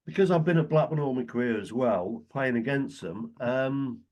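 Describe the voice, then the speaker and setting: A man's voice: medium pitch, moderate pace, darkish tone. A middle-aged man chatting casually as a guest, telling anecdotes and chuckling often. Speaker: guest, retired footballer.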